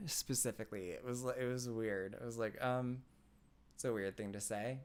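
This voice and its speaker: In clean, medium-pitched tones at a moderate pace, this streamer reads out messages from chat during casual live commentary. He answers with sarcasm, laughs, and says things more than once.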